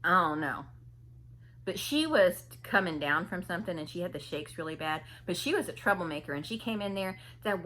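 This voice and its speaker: A woman's voice: lowish voice, expressive, fairly quick, pushed and bright. A woman vlogger telling a story casually and animatedly, imitating people and laughing often.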